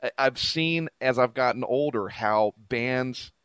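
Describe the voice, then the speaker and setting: A man in his fifties from Louisiana, co-hosting a podcast and telling animated stories in a casual chat. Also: medium pitch, measured pace, smooth, no echo. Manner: animated storyteller, laughs often. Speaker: podcast co-host.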